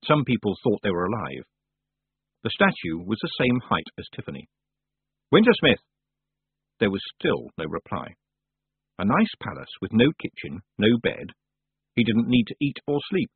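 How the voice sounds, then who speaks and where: Man, audiobook narrator, wry, lively pitch, husky, tinny phone-like dry sound. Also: moderate pace, no room sound. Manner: wry, expressive storytelling.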